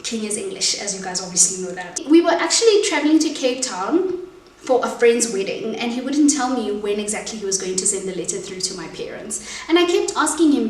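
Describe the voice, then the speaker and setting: Young south african woman vlogging, emotional and chatty, kinda high voice, roomy echo from a bit away. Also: animated, brisk. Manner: emotional, chatty, addresses viewers as guys. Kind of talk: personal storytelling vlog. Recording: echoey room, distant from mic, faint ambience.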